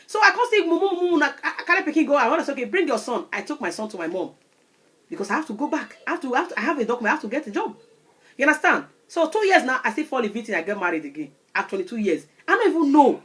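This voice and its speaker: Woman, 30s, Nigerian Pidgin-tinged English, quick animated advice-giver to camera. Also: fairly high pitch. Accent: Nigerian Pidgin-influenced English. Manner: animated, repeats "you understand?". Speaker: vlogger.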